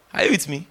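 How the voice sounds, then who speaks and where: A middle-aged man preaching a sermon, emphatic and teasing, acting out little dialogues as he goes. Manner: animated, emphatic, teasing, with laughs and acted-out dialogue.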